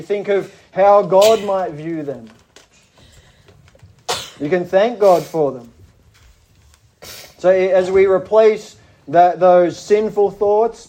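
An Australian-accented pastor with a high but dark-toned voice delivers his sermon in a measured, deliberate manner, stressing each point.

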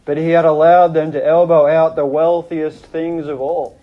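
Speaking at normal speed with hardly any pauses, a pastor retells a story earnestly and dramatically, his level voice dropping low and rising in the prayers he quotes. The recording has its highs cut off.

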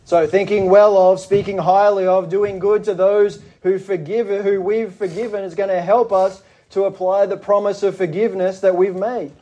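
A pastor with an Australian accent, delivering a sermon in a measured, deliberate way and stressing his points. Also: high voice, level tone, warm tone.

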